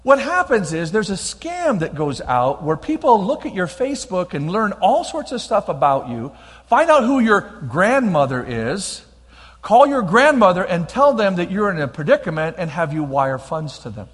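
A man's voice: high voice, sing-song, moderate pace, slightly rough. A middle-aged man preaching a sermon, emphatic and repeating his key lines, with frequent restarts as he tells a personal story. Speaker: pastor. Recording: long reverb of a large hall.

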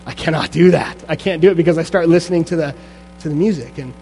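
A young adult man preaching a sermon in church, lively and full of restarts, turning quiet and slow for a guided meditation. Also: a little high, slight background noise. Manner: energetic with frequent restarts, then hushed guided meditation. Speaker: pastor. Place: church sanctuary.

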